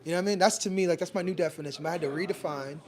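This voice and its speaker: A young man hosts a casual podcast, talking very fast in a high-pitched voice. An animated storyteller, he swears freely and acts out the dialogue he quotes.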